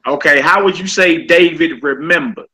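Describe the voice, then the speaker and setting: A man's voice: a little high, moderate pace, pushed and bright, husky, low-quality recording. A man teaching a casual Hebrew vocabulary class. He often checks in with "all right?" and repeats each word.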